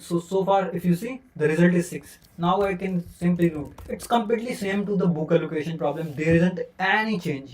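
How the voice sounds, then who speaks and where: A man's voice: fairly high pitch, a little mellow, recorded from a distance. A man teaching a coding lesson, counting numbers aloud step by step and correcting himself as he goes. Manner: self-correcting with frequent fillers. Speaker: programming teacher. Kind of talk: screen-recorded coding lesson.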